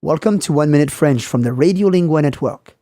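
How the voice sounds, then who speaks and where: Male language teacher, mellow and dry, clear slow delivery for learners. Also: a little high, animated, no echo. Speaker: French teacher. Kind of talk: scripted lesson narration.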